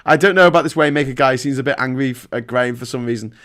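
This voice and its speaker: A man's voice: mid-range voice, rapid-fire, a bit bright. A man hosting a livestream and talking through a casual, rambling, profane rant with frequent restarts. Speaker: livestream host. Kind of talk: casual ranting monologue.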